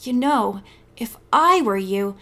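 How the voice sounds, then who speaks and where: A woman's voice: on the high side, expressive, slow pace, fairly bright tone. A woman reading the lines of a cold, catty teenage rival girl in an audiobook, icy and falsely sympathetic.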